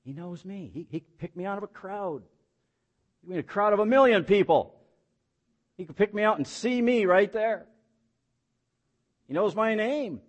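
A man's voice: high voice, expressive, normal speed, pauses often. A man preaching a sermon as pastor, building emphatic points with rhetorical questions and folksy, self-deprecating asides.

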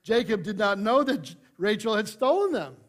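A man delivers a sermon in a fairly high voice. He leans hard into key phrases, then drops to quiet, confiding asides. His humor stays light and conversational. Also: normal speed. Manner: expressive preaching, swings from loud emphasis to hushed asides. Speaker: pastor.

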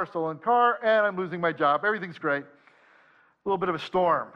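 A man preaching a sermon, first reading scripture in a measured way, then telling a personal story in a relaxed, conversational tone. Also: fairly high pitch, lo-fi sound. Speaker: pastor.

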